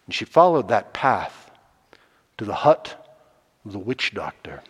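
A man telling a folk tale, slow and deliberate, swinging from loud passages to hushed ones. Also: fairly low pitch, very animated, husky. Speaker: storyteller. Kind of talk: oral storytelling. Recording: long hall reverb.

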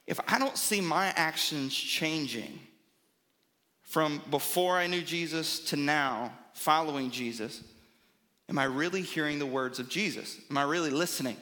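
Bright-voiced, high-pitched male pastor preaching. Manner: emphatic, repeats phrases for rhythm, asks "right?". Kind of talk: sermon.

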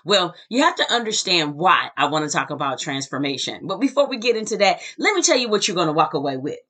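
Husky, upbeat woman podcast host. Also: fairly low pitch, sing-song, fast, sharp tone. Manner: enthusiastic, upbeat and emphatic, repeating words for effect. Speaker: podcast host and success coach. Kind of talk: motivational podcast talk.

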